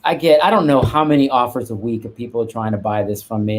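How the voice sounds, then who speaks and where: A man's voice: mid-range voice, fast talker. A man, a guest art collector, chatting casually on a live stream and rambling with restarts and asides.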